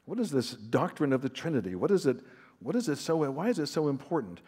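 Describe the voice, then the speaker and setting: A man's voice: mid-range voice, sing-song, brisk, darkish tone, breathy edge. A man, a Christian author and counselor, giving a conversational teaching talk to a large live audience, mixing anecdotes with self-deprecating humor. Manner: conversational, with fillers and restarts.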